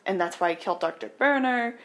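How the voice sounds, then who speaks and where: A woman's voice: mid-range voice, animated, fairly quick, fairly bright tone, close to an everyday voice. Woman doing Nora, an urgent, pleading young woman. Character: Nora, young woman torn between love and murder.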